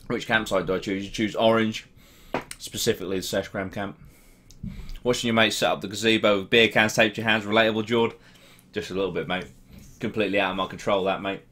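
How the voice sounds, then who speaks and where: A man's voice: on the low side, a bit bright. A young man from Norwich with a Norwich accent, chatting casually on a live stream, reading out comments with laddish, sweary banter. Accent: English, Norwich. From Norwich, England.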